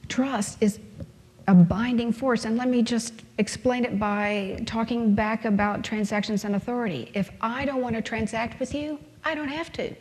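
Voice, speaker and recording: Speaking at a moderate pace, a woman delivers a conference lecture in a slightly high, steady voice with a darkish tone. She makes her points emphatically through rhetorical questions and everyday examples, and a long hall reverb surrounds her.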